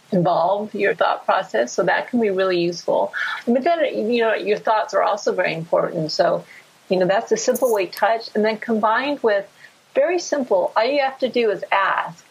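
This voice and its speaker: Husky-voiced woman psychologist explaining. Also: medium pitch, highs cut off. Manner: explanatory, warm and animated. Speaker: psychologist guest. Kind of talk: podcast interview.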